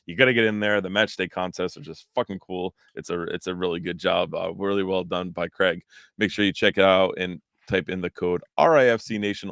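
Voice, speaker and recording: A man hosting a casual soccer podcast from a spare room at home, relaxed and rambling with fillers. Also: deep voice, dry recording, studio quality. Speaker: podcast host.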